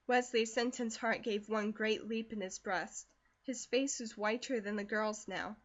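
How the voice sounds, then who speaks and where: A woman's voice: on the high side, steady tone, lo-fi sound. Woman narrating a classic novel. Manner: measured storytelling. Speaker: audiobook narrator. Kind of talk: scripted narration.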